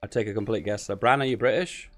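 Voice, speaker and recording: A man's voice: fairly low pitch, fast talker, a bit bright, soft background music. A man giving casual live commentary on a strategy game tournament, thinking aloud and wandering into rambling asides. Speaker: streamer casting a game tournament.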